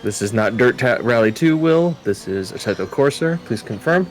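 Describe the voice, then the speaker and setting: A man's voice: medium pitch, expressive, moderate pace. A man bantering and teasing his friend during a racing game stream. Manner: joking, teasing. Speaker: co-host on a gaming stream. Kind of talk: casual banter.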